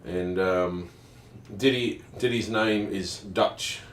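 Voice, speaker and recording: A man's voice: low-pitched, slow. A man co-hosting a live stream, chatting casually and reading out viewer names. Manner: relaxed, reads out viewer greetings. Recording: echoey room, distant, noisy.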